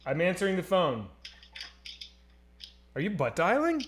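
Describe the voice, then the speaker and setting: A man in his thirties hosting a casual live stream, joking and swearing as he reads chat, swinging between loud and quiet. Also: high voice, unhurried. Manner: animated, swearing, jokey, swings loud and soft. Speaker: streamer host.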